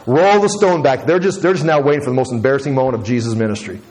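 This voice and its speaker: A man teaching through a Bible passage, telling the story in an animated way, acting out the quoted speech and often restarting his sentences. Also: medium pitch, rapid-fire, rough recording. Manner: frequent self-corrections and restarts.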